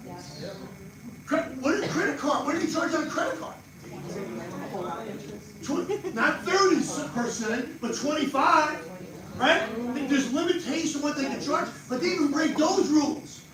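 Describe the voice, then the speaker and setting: An older man with a New Jersey accent gives a live money seminar. He talks fast and animated and quizzes people in the audience. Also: very high voice. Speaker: financial speaker. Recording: echoey far-off room mic with noise.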